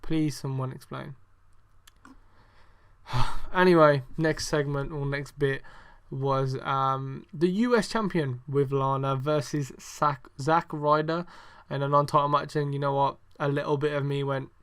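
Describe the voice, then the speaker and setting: This young man's voice is clear and resonant, a bit bright, fairly high, and steady, and he takes his time. Hosting a podcast, he gives a casual, rambling wrestling review full of sarcasm, exasperation, swearing and ums.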